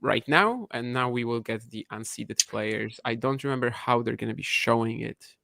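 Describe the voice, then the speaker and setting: A man's voice: mid-range voice, moderate pace, vocal fry, pushed and bright, no room sound. Man, casual co-host, opinionated, laughs a lot, dry close mic. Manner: chatty, opinionated, laughs often. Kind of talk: casual chat.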